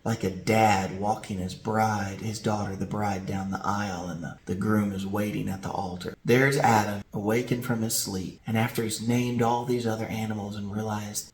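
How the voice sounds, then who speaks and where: A man's voice: on the low side, normal speed, few pauses, a little hiss or hum. A male pastor preaching a sermon, telling stories vividly and asking rhetorical questions. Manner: animated storytelling with rhetorical questions. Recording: roomy echo.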